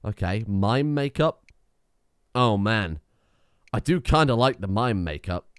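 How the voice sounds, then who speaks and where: A man's voice: lowish voice, animated, takes it slowly, smooth, no echo, clean studio sound. An English man casually commentating a video game as he plays, swearing often. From England. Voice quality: sweary, chuckling, offhand. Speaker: game streamer. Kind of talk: casual let's-play commentary.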